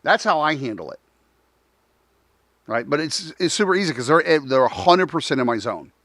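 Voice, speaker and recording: A man hosting a live talk show in a lively, laughing way, acting out both sides of a chat. His voice sits high and bright with wide swings in pitch. The sound is close and dry. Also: moderate pace, no room sound. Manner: animated, laughs often, acts out dialogue.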